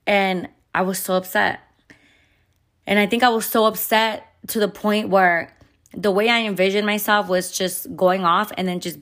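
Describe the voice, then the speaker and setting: Heated, profane mom venting. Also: female voice, on the low side, fairly bright tone. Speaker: mother. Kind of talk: candid storytime vlog.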